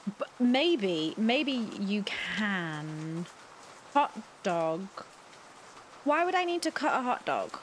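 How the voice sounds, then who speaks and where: A woman's voice: mid-range voice, sing-song, takes it slowly, long pauses, fairly bright tone, slight background noise. Woman gaming host, flustered play-along commentary, chatty, panicky asides. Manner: flustered, chatty, talks to game characters.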